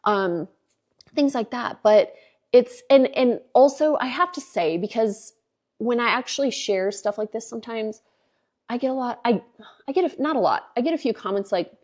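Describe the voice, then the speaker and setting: A woman's voice: a little high, normal speed. Chatty woman in her forties. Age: 40s. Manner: animated, filler-heavy, candid. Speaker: podcast host. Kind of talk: casual storytelling chat.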